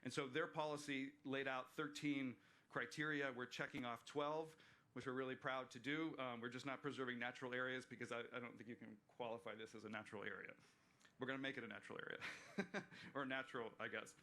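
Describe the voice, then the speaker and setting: Bright-voiced man presenting a park plan. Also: mid-range voice, steady tone, brisk. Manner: earnest, explanatory, with fillers and restarts. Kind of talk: public meeting presentation. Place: waterfront venue, livestreamed meeting.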